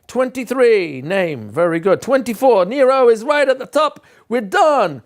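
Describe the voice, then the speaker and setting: A man's voice: very high-pitched, big pitch swings, unhurried. A man giving a recorded lesson to teachers, quizzing himself aloud and answering in a playful way. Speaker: teacher trainer.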